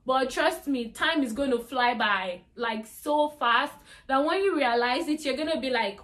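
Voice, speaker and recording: A woman's voice: high-pitched, lively intonation, a little slow, fairly bright tone. A young woman giving exam tips in a chatty vlog, with lots of "like" and "you know". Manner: chatty, repeats "like" and "you get me". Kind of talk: casual talk to camera.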